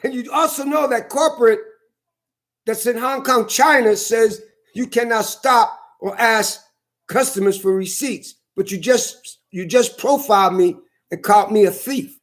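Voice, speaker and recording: A man with a fairly high voice delivers a heated monologue straight to his camera. He curses constantly and circles back over the same points as he vents. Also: unhurried, fairly bright tone. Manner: heated, profane, repetitive venting. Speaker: vlogger. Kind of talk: angry ranting monologue.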